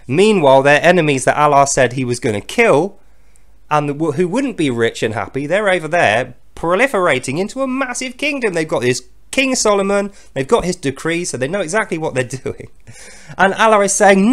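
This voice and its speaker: A man's voice: on the high side, expressive, fairly quick. A man hosting a video, delivering a sarcastic, scornful commentary monologue with frequent chuckles. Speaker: video host.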